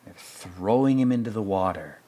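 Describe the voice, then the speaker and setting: A man's voice: lowish voice, animated, moderate pace, dark tone. A man hosting a film commentary, talking reflectively and often sinking to a near whisper. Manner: reflective, retells scenes with acted-out quotes, often drops to a near whisper. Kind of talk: casual film commentary monologue.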